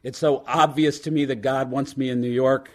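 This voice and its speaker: A New York man with a medium-pitched, steady voice speaks at normal speed. At a recovery meeting he tells his story with punchy humor and jokes before turning earnest.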